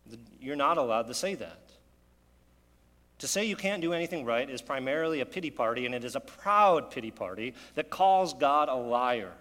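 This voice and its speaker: A man's voice: medium pitch, lively intonation, moderate pace, a bit bright, big-room sound. A man preaching a sermon in an earnest, conversational way, often asking his listeners rhetorical questions. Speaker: pastor.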